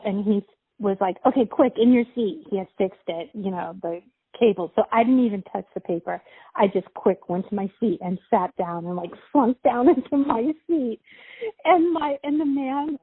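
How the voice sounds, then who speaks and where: Middle-aged mom, fairly high voice, rambling storyteller, dry close sound. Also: female voice, slightly rough, no room sound. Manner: rambling, halting, many fillers and restarts. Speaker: mother telling a story. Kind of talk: casual personal storytelling. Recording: tinny phone-like sound, dry.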